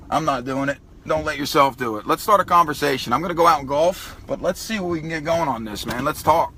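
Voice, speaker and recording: A man's voice: a little high, animated, fast talker, few pauses, background noise. Tearful, swearing man in a car. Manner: emotional, profane, tearful. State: crying. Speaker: vlogger. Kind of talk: emotional personal vlog.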